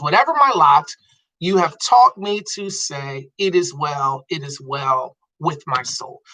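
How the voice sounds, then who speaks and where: Middle-aged guy leading a staff video call, bright clear voice, chatty and animated, repeats himself a lot. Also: on the high side, low-quality recording. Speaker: agency leader hosting staff video call. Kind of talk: casual staff update.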